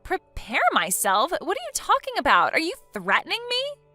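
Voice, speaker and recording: A woman's voice: high voice, huge pitch swings, normal speed, sharp tone, dry recording, soft background music, voice pushed up, heavily acted. A synthetic woman's voice playing an entitled young woman who talks in an indignant, self-pitying way.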